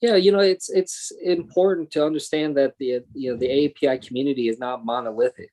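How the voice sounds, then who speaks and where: A man's voice: mid-range voice, fast talker, darkish tone. Earnest, reflective man in his thirties. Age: 30s. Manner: earnest and thoughtful, with frequent fillers and restarts. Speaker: congressman and guest speaker. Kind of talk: reflective panel conversation.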